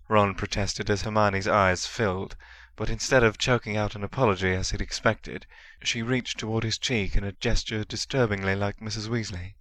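Low-voiced man reading a story. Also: fairly bright tone, dry recording. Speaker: narrator.

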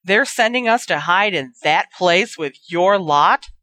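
A reader voicing a loud, indignant uncle who bellows his lines, in an audiobook story. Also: medium pitch, lively intonation, unhurried, no room sound. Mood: outraged. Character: blustering loud heavyset uncle.

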